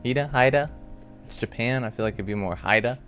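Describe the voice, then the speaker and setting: A man hosting a casual, rambling breakdown of a TV episode from a room at home, full of animated asides. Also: lowish voice, quick pace, soft background music. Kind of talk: casual recap commentary.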